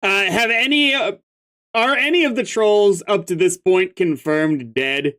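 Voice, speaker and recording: A man's voice: high voice, a little slow, sharp tone. A man casually commenting while reading a comic aloud, chatty and a bit unsure. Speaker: comic reader.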